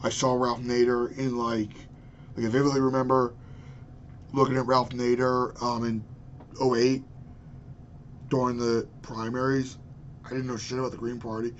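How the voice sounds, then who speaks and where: A man's voice: medium pitch, little pitch movement, moderate pace, pauses often, highs cut off, a little hiss or hum. A man in his twenties ranting angrily and profanely about politics into his webcam. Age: 20s. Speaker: vlogger. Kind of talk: political rant.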